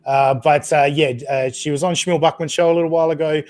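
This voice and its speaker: A man hosting a live-stream podcast in a loose, chatty way, laughing often and filling pauses with "uh". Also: on the high side, steady tone, darkish tone. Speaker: podcast host. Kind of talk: casual live-stream chat.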